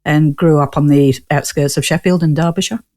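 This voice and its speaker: A woman's voice: sits low, steady tone, a little fast, darkish tone. Chatty woman guest with a northern English accent; laughs a lot and rambles through stories. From Newcastle, England. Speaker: guest, ghost tour owner. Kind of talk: casual interview chat.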